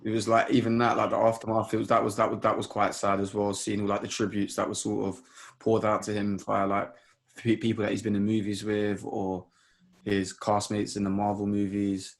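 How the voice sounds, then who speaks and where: A man's voice: lowish voice, completely flat delivery, a little fast, creaky. A man co-hosting a podcast, chatting casually and hesitantly, hedging with fillers. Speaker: podcast co-host. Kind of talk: casual chat.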